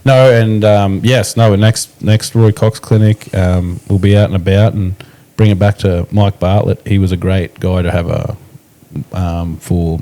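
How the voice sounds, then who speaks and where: A man co-hosting a podcast in casual chat, easygoing and halting, with many fillers. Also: deep voice, level tone, dark tone. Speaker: podcast co-host. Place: indoors podcast recording.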